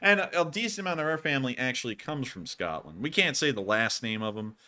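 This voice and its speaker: An American man hosting a casual livestream, with a bright, forceful voice. He rambles, stumbles over restarts and jumps into excited bursts. His talk is loose and chatty. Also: medium pitch, quick pace. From United States. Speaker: livestream host.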